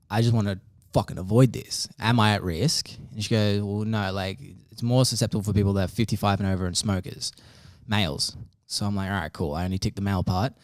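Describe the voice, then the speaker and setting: Rambling low-voiced Australian young man. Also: no echo, studio quality. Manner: rambling, swears freely, acts out quoted dialogue. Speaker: podcast host. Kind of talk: casual podcast chat.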